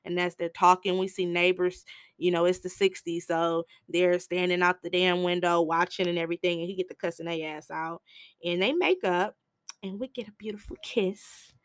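Lively low-voiced woman telling a story. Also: normal speed, no echo, clean studio sound. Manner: animated storyteller who jumps into high voices to act out quotes; blunt, swears casually, relaxed slang. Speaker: podcast host reviewing a film. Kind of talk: casual movie recap.

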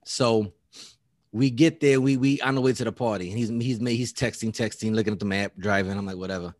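A man's voice: fairly low pitch, fairly even intonation, a little fast. A man casually telling a story, acting out quotes, laughing often and swearing.

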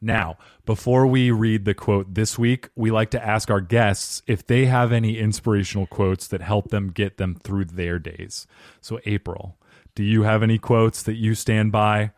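Male podcast host, low-ish voice, jokey and relaxed, dry booth sound. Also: a little slow, no room sound. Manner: playful, joking. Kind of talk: casual podcast chat.

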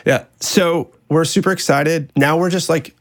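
A man chatting casually on a podcast, laid-back and animated as he tells stories about his work as an audio engineer. He drops swear words freely and keeps his tone relaxed and friendly. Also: fairly high pitch, measured pace. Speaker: audio engineer and software founder.

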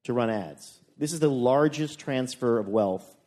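A man with a mid-range voice co-hosts a podcast taped before a live audience. He cracks quick jokes and then moves into a topic with a loose, conversational delivery. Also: mid-range voice, dark tone. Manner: quick wisecracking interjections. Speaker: podcast co-host. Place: hotel event room with a live audience.

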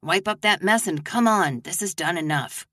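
A woman's voice: lowish voice, normal speed, pushed and bright, no room sound, clean studio sound. A woman voicing a curt, nagging older sister in an audiobook reading. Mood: impatient. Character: brusque impatient older sister.

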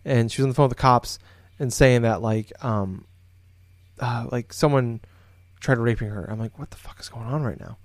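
A man's voice: mid-range voice, normal speed, no room sound. A man co-hosting a podcast, telling a long story casually from his home office, rambling with many fillers and restarts. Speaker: podcast co-host.

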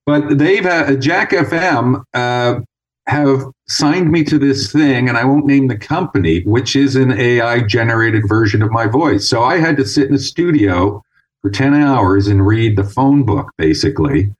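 A man's voice: medium pitch, lively intonation, moderate pace, rough recording. A middle-aged man from Canada, a voice-over artist chatting as a guest and telling stories, sometimes slipping into comic voices. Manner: storytelling, slips into comic voices. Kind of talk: casual interview chat.

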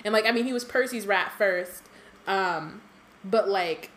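Chatty woman co-host, mid-range voice, giggly between passages and brisk when reading aloud. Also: mid-range voice, a little hiss or hum. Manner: giggly, chatty, reads narration in a brisk even tone. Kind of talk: casual book-club chat with read-aloud passages.

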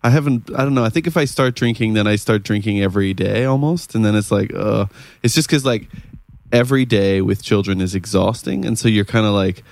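A man's voice: lowish voice, vocal fry, dry recording. A man in his thirties, a podcast guest talking in a laid-back, drawling stoner voice from the back of his throat. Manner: slow, drawling, relaxed. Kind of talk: casual podcast chat.

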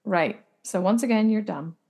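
A woman's voice: medium pitch, normal speed, vocal fry, dark tone. A woman co-hosting a casual podcast, talking emphatically and bluntly, swearing freely as she reacts to a TV episode. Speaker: podcast co-host. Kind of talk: casual chat recapping a TV episode.

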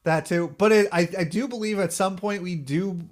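A man's voice: sits high, normal speed. A man co-hosting a podcast, chatting casually and agreeably with many fillers. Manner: easygoing, agreeable, lots of "like". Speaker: podcast co-host. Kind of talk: casual chat.

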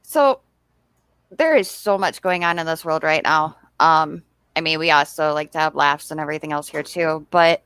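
A woman's voice: sits low, moderate pace, fairly bright tone, smooth, dry recording. A woman hosting a podcast interview, putting questions to her guests with some fillers. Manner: friendly, asks questions with fillers. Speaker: podcast host. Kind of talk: casual interview.

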